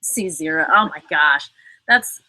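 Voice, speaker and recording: A woman's voice: deep voice, lively intonation, measured pace, a crowd in the background, low-quality recording. A woman hosting a casual live chat, answering viewer comments in a rambling way full of fillers and cursing. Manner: chatty, fillers, frequent cursing. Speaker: livestream host.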